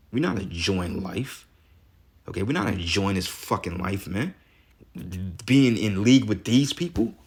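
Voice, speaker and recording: Man, deep husky voice, congested, profane heated religious talk. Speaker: religious commentator. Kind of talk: casual religious talk with scripture reading.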